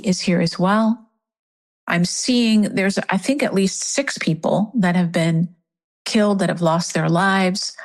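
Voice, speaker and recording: A middle-aged woman leading a guided meditation and prayer, speaking softly and reverently. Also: lowish voice. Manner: soft, reverent, emotional at times.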